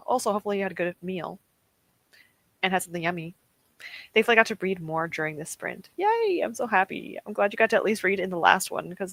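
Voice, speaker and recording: A young woman chats casually with viewers during a reading stream. She laughs easily, and her bright voice moves up and down a lot. The mic is close and dry. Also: medium pitch, dry recording. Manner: chatty and giggly, often laughs and reacts to chat. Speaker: streamer hosting reading sprints. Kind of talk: casual chat with live chat. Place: home desk.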